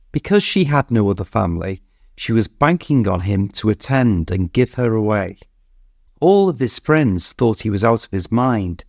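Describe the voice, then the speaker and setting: A man with a British accent reading a story clearly and steadily for English learners. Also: medium pitch, a little mellow, no echo, clean studio sound. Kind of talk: scripted narration.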